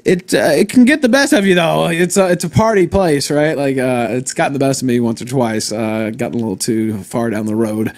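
A man's voice: mid-range voice, dry recording. A man with a Mississippi Delta Southern twang chats casually as a stream host. He stops and restarts often and leans on filler sounds. The sound is dry and close, with no room around it. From American South, Delta region. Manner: halting, many uh fillers and restarts. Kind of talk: casual chat.

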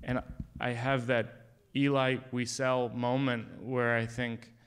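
Male comedian with a clear, resonant voice, telling a personal story in a dry, deadpan stand-up style. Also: mid-range voice, takes it slowly.

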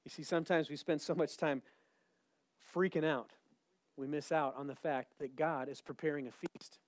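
High-voiced emphatic male pastor. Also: fairly even intonation, moderate pace, dry recording. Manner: emphatic, repeats scripture, builds to loud calls. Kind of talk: sermon.

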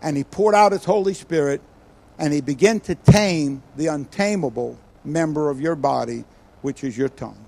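An older man delivers a sermon as a guest preacher. His voice sits fairly high for a man, and he tells stories with sudden loud, acted-out bursts before dropping into hushed asides. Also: normal speed, creaky. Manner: animated storytelling, acts out quoted voices with sudden loud bursts and quiet asides.

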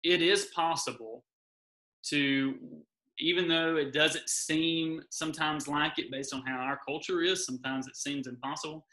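A man's voice: fairly high pitch, bright, forceful tone, rough recording. A man speaking as a guest in an earnest, encouraging faith talk, often repeating his key phrases.

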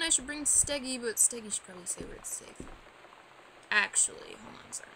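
A woman giving chatty, jumpy commentary while she plays a game, swinging from sleepy murmurs to sudden loud yelps. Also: high voice, fast talker. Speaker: let's player. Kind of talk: gaming commentary. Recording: gameplay with clear background noise.

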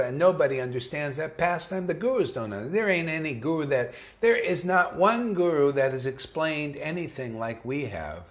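Animated man giving a casual sermon. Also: fairly high pitch. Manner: animated, mocking, acts out quoted voices; slangy, conversational. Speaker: spiritual teacher. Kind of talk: informal sermon to devotees.

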